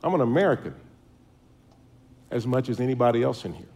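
A man's voice: mid-range voice, lively intonation, fairly quick, dark tone. A middle-aged man giving a public speech in a folksy, storytelling way, poking fun at himself. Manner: folksy, storytelling, self-deprecating. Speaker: speaker.

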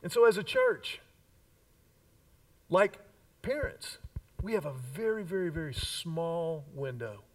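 A man's voice: fairly high pitch, animated, slow pace, long pauses, recorded from a distance, poor audio. A man in his fifties preaching a sermon as pastor, with emphatic repeated lines and call-and-response. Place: church sanctuary.

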